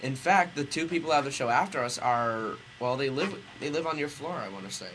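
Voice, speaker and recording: A man's voice: mid-range voice, expressive, brisk, background noise. A man co-hosting a casual radio show, chatty and rambling with lots of fillers. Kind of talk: casual radio chat and reading fan fiction.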